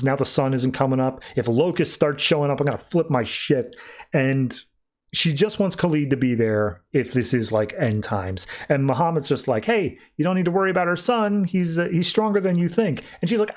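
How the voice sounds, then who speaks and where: A man with a mid-range voice hosts a comic review podcast. He retells the plot in an easygoing, chatty way, full of "like" and quick paraphrased lines for the characters. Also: mid-range voice, a little mellow. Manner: chatty retelling with frequent "like" quotes. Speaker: podcast host. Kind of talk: casual comic book review.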